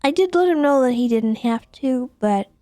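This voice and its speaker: Friendly high-voiced woman, hesitant. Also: lively intonation, normal speed, no echo. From Washington state, USA. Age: 20s. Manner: friendly, gentle, many hesitant fillers. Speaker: driving school instructor in a role-play game. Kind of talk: in-character role-play chat.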